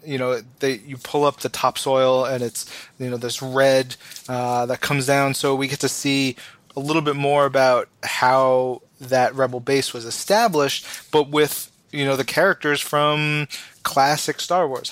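A man's voice: medium pitch, fairly bright tone, clear, resonant tone, dry recording. A man co-hosting a podcast in casual chat, enthusiastic and rambling with many fillers. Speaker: podcast co-host.

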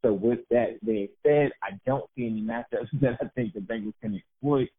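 A man co-hosts a podcast, talking casually about football and laughing at himself. His mid-range voice moves at a moderate pace, and the recording has a narrow, phone-like sound.

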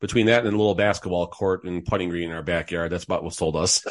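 A man's voice: low-pitched, fairly even intonation, fast. A man co-hosting a casual hockey talk show, easygoing and prone to repeating words as he starts a thought. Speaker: sports talk co-host.

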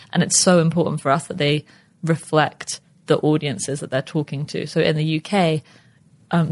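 A British-accented guest talks quickly in a relaxed interview, piling on fillers and playful asides. The voice has a gravelly, creaky edge and sits at a middle pitch. The words tumble out at a brisk clip. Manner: fast, chatty, full of fillers and acted quotes. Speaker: co-creator of a stage musical, guest. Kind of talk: casual interview chat.

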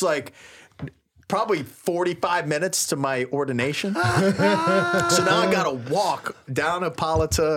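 Chatty priest telling a story. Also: male voice, a little high. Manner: animated, laughing often, loose and slangy. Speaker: priest, co-host. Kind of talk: casual storytelling.

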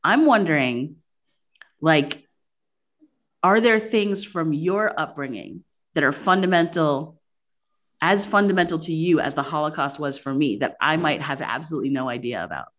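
A woman's voice: sits low, animated, normal speed, a bit bright. A woman hosting a casual interview, talking in a chatty way full of "like". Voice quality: chatty, frequent "like" fillers. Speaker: podcast host.

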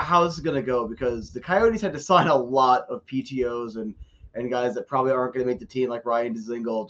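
This medium-pitched, slightly bright male voice comes through on dull audio. He's co-hosting a casual hockey podcast, chatty and self-deprecating, and he often trips over repeated words.

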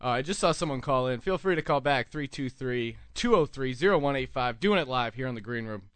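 A man's voice: mid-range voice, lively intonation, brisk, fairly bright tone, clear, resonant tone, no echo. A man in his twenties hosting a live call-in talk show, telling rambling, jokey stories with crude language. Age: 20s. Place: small studio.

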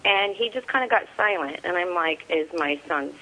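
A woman's voice: lowish voice, animated, bright, forceful tone, poor audio. Plainspoken middle-aged woman retelling events. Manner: plainspoken, retells events through quoted dialogue; halting, with frequent fillers and restarts. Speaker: interviewee, a soldier's mother. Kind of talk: personal storytelling.

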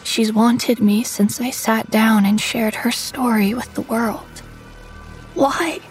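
A woman narrating a first-person horror story in a hushed voice that often drops to a whisper. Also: a little high, little pitch movement, measured pace, faint music behind, low-quality recording.

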